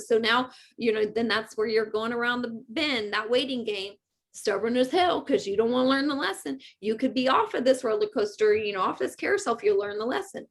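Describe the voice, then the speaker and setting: A woman giving an earnest, animated motivational talk, speaking straight to her viewers on a live stream. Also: on the high side, fairly quick. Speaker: spiritual medium and host.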